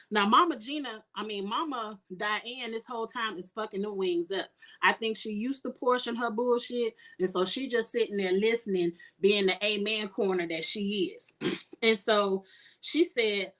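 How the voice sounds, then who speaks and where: A middle-aged woman giving a blunt, profane recap of a reality show live, clearing her throat often. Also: mid-range voice, measured pace, fairly bright tone. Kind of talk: casual live recap with commentary.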